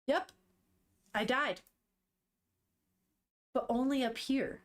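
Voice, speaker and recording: A calm young vampire woman speaks softly and coolly, never in a hurry, as a woman reading a manga aloud puts her on. She sounds teasing and completely unbothered. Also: high voice, drawn-out words.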